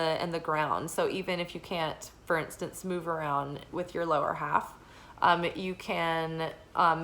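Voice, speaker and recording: A young adult woman giving a casual weekly oracle card forecast, talking in a relaxed, meandering way with lots of fillers. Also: fairly low pitch, rough recording. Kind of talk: casual spiritual forecast chat.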